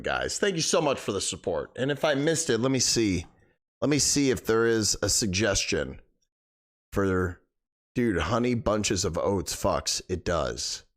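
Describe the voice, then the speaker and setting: A man streaming a game live, chatting casually, rambling and thanking viewers. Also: low-pitched.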